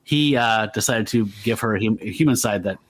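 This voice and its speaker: A man's voice: lowish voice, a little fast. A man co-hosting a podcast, talking enthusiastically about comic art in a casual, rambling way with lots of fillers. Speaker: podcast co-host. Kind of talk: casual comic-book discussion.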